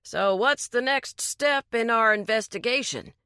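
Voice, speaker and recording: A woman's voice: on the high side, unhurried, bright, forceful tone, clean tone, no echo, studio quality, voice pushed up. Woman doing a pompous, lecturing man. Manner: formal and lecturing. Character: pompous know-it-all man, lecturing friend.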